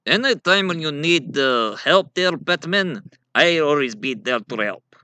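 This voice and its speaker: A big, friendly strongman mutant, as a man acts him out, talks with hearty, simple phrasing in a raised voice. The tone is bright and the recording dry. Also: a little high, animated, unhurried, clean tone, no echo, pitched above the performer's own voice.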